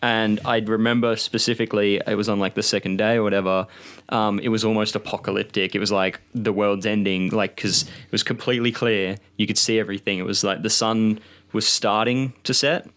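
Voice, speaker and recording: A young Australian man on a podcast, relaxed as he tells a personal anecdote. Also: fairly low pitch, a little fast. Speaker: podcast co-host. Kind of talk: casual storytelling.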